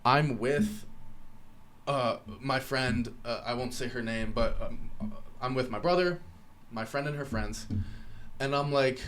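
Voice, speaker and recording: A man's voice: mid-range voice, slow, fairly bright tone, a little hiss or hum. Young man, podcast host, casual storytelling, acts out dialogue, swears casually.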